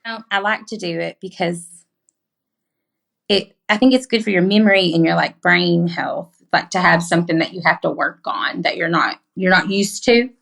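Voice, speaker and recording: A middle-aged woman from Arkansas with a Southern accent, a podcast guest telling stories in emphatic, animated casual chat with plenty of swearing. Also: lowish voice, normal speed, creaky.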